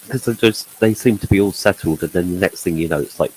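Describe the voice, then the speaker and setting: A man joining a casual livestream chat, answering in a low-key way and chuckling often. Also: brisk, darkish tone, a little hiss or hum, poor audio. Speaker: guest on livestream.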